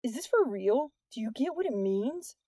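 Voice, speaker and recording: A woman's voice: a little high, sing-song, normal speed, dark tone, no echo, clean studio sound. A woman voicing a curious, teasing teenage boy who talks eagerly.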